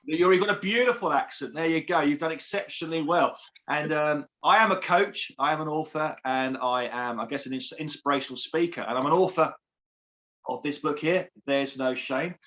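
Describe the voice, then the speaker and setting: A man's voice: a little high, moderate pace, a bit bright. A man, a coach and author talking about himself in an upbeat, effusive interview manner. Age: 40s. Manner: effusive, repeats words, friendly and chatty. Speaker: guest, empowerment coach and author.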